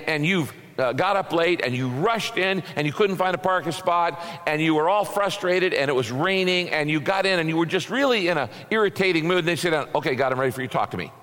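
A middle-aged man preaching a sermon in a church sanctuary, folksy and conversational, with homely examples. His voice sits a little on the high side. The sound rings with the long reverb of a big hall. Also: a bit bright. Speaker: pastor.

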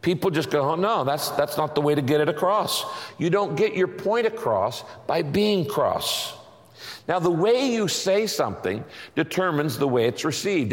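A middle-aged man preaching a sermon as a pastor, emphatic and repeating his catchphrases for the congregation. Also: high voice. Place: large church sanctuary. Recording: long reverb of a large hall.

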